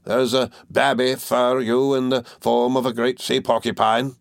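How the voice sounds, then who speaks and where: A man voicing a hearty, jovial old fisherman with a broad rustic dialect and booming laughs. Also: flat delivery, measured pace, gravelly, no echo.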